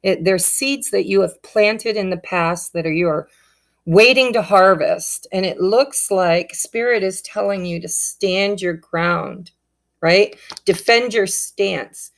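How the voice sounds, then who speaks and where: A woman's voice: mid-range voice, slow pace, vocal fry. A woman giving a casual tarot reading, speaking straight to her viewers in an upbeat, encouraging way. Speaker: tarot reader.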